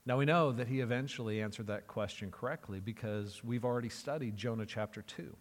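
A man's voice: medium pitch, a little fast, in a large hall. A man preaching a sermon as pastor, emphatic and conversational, repeating phrases for effect.

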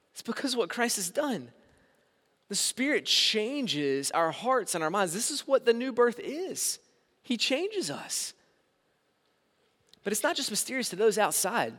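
A man's voice: high voice, fairly bright tone, breathy edge. A man preaching a sermon as pastor in a church sanctuary, with emphatic swings in volume. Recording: reverberant hall sound.

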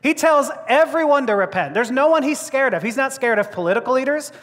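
A man's voice: very high voice, expressive, brisk, fairly bright tone. A male preacher giving a sermon, joking and laughing as he talks, often restarting his words. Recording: long reverb of a large hall.

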